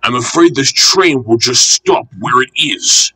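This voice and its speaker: Storybook train guard, stern and formal, bright and a bit husky, by a man. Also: mid-range voice, animated, unhurried, dry recording, exaggerated voice, low-quality recording.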